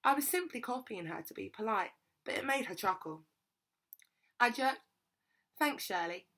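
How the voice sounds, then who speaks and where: A woman's voice: on the high side, lively intonation, moderate pace, sharp tone. Woman reading a children's novel. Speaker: reader.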